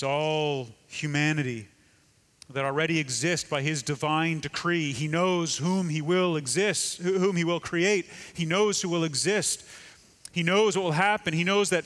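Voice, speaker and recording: A man preaches a sermon with emphasis, sinking to a near hush to drive points home. His voice sits a little high for a man. A long reverb trails every phrase, as in a large hall. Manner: emphatic, dramatic drops to a hush. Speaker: pastor.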